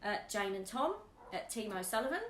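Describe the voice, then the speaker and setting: This woman, a YouTube vlogger, sounds animated and brisk as she giggles and chats through tag questions with her partner, her pitch wandering up and down. There's reverb and slight background noise.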